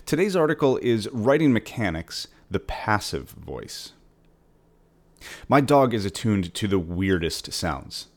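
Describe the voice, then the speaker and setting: A man who is the author, reading his own newsletter aloud as a casual, measured writing lesson. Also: fairly low pitch, sing-song.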